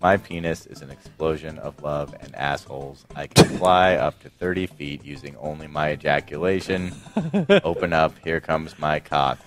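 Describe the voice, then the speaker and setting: A man on a casual podcast, reading listener messages in a deadpan voice and often breaking into laughter. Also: extremely low pitch, normal speed, faint music behind.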